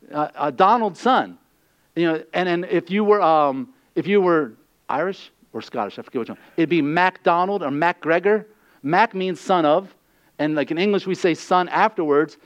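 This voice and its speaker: A man preaching a sermon as a lively storyteller who asks his listeners questions as he teaches. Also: high voice. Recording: dull lo-fi recording.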